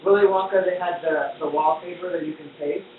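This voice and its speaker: A man's voice: high-pitched, fairly even intonation, fairly quick. A man hosting a casual cooking show, chatty and playful, joking as he cooks in a kitchen. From United States. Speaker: host cooking on a live stream. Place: kitchen indoors. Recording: distant echoey lo-fi phone-like live stream with noise.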